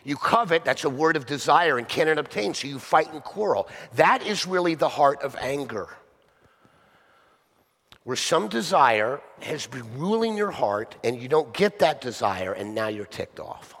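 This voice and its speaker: A man's voice: medium pitch, big pitch swings, moderate pace, fairly bright tone, slightly rough, long reverb tail. A male pastor preaching a sermon conversationally, often asking the listeners rhetorical questions.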